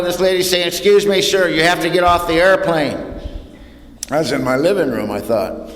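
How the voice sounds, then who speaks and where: Pitched on the high side with a fairly bright tone, a man from California gives a personal recovery talk as an AA speaker. He tells it like a folksy yarn, saying "man" and "you know" along the way, in an echoey hall with faint room noise.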